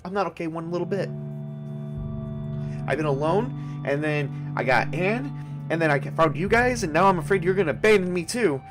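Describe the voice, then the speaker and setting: Guy doing a scared teen boy, high and shaky, pleading and swearing, faint music behind. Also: expressive, normal speed, close to an everyday voice. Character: terrified teenage boy survivor, tearful and pleading.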